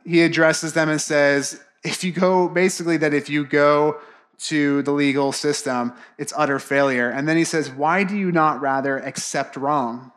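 High-voiced young man preaching casually. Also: moderate pace. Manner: casual, animated, acts out quoted reactions. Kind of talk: sermon.

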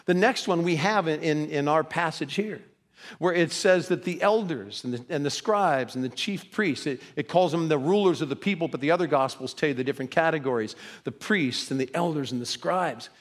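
A man preaching a sermon as pastor, acting out quoted voices with big pitch swings. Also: fairly quick, in a large hall.

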